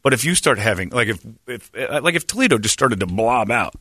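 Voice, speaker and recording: Male host, rambling blunt storyteller, animated delivery. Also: mid-range voice, fairly quick, breathy edge, no echo, clean studio sound. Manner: rambling, blunt storyteller who acts out quotes. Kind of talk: casual chat.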